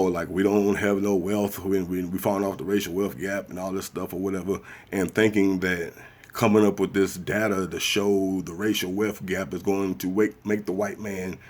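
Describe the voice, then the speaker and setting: A man, talking bluntly and profanely in a casual ranting monologue. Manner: blunt, profane, acts out others in high mocking voices. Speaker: commentary vlogger.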